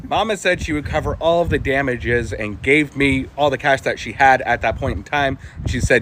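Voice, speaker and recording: Animated man telling a storytime tale. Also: a little high, moderate pace, slight background noise. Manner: animated, amused, laughing asides. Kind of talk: storytime narration.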